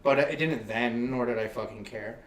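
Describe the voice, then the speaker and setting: A man hosting a casual interview show, telling a story in a profane, animated way. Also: medium pitch, normal speed, reverberant, far from the mic, a crowd in the background. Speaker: host.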